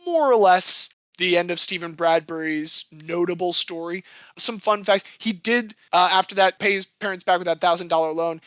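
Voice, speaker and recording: Bright, chatty man with a dry close sound. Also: a little high, no echo. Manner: chatty, enthusiastic storytelling with playful asides. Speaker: podcast co-host. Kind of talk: casual sports chat.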